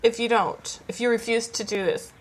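Husky high-voiced woman interviewer. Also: fairly even intonation, normal speed. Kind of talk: casual interview.

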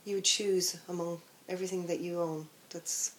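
A woman's voice: on the low side, level tone, moderate pace, slight background noise. A woman interviewer asking casual questions in a chatty, rambling way, often restarting her sentences.

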